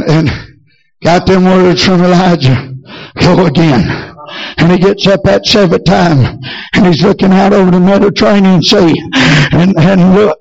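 A male preacher delivers a revival sermon in a church, punching out each phrase with a shouted "hey." His voice sits high and rough with fry. The recording is muffled and lo-fi.

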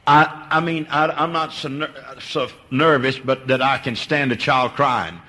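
Older preacher guy, bright forceful voice, goes quiet then cries out high, stammers and repeats. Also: a little slow. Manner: swings from low hush to high impassioned cries; repeats words and stammers on restarts. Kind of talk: sermon.

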